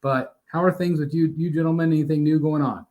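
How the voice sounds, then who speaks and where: A man's voice: fairly high pitch, fairly even intonation, fairly quick, darkish tone. Upbeat, welcoming man hosting. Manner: upbeat, welcoming, a bit scattered. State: out of breath. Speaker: host. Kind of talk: live show chat.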